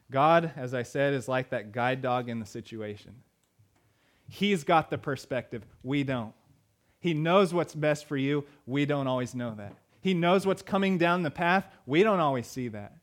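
A man's voice: medium pitch, normal speed. A male pastor delivering a sermon in a conversational way, with fillers and emphatic repeated lines.

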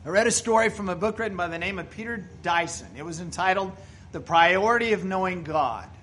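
A man's voice: high-pitched, brisk, a bit bright, slight background noise. A male pastor preaching a sermon, telling stories and rising to emphatic bursts.

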